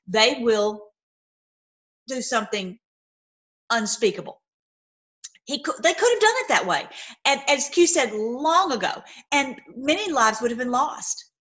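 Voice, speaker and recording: Woman, casual online commentator, slightly high voice, rambling and animated delivery with lots of restarts.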